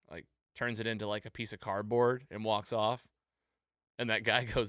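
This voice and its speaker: A man's voice: fairly low pitch, smooth, no echo, clean studio sound. A man co-hosting a podcast, animatedly recapping a show in casual chat. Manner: animated, quick retelling that slips into acted quotes. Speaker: podcast co-host.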